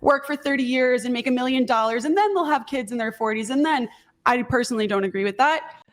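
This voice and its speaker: A woman's voice: fairly high pitch, quick pace. A woman arguing earnestly in a debate, pressing on through interruptions. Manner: earnest, insistent, keeps talking over interruptions.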